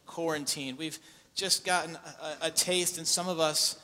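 A man preaching a sermon as pastor. He builds from quiet, grave passages to loud, impassioned preaching. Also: on the high side, fairly even intonation, normal speed. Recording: long echo in a large hall.

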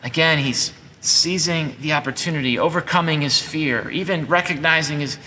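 A man's voice: a little high, moderate pace, sharp tone, a little hiss or hum. A man in his forties preaching a sermon as pastor, earnest and conversational with frequent restarts. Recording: long hall reverb.

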